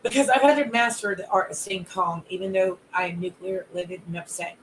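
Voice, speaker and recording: A wellness coach holds a live audio room in a tightly controlled rage. The voice sits in a middle register and piles complaint on complaint in long repetitive runs, staying measured rather than shouting. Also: medium pitch, steady tone, a little hiss or hum, poor audio. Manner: controlled anger, long repetitive lists of grievances. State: calmly enraged.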